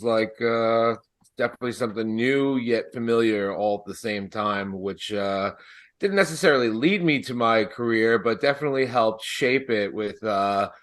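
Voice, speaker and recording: Low-voiced rambling Long Island man. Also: fairly bright tone. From Long Island, New York. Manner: rambling, loose, full of fillers like "uh" and "like". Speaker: podcast guest, cook. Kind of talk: casual podcast chat.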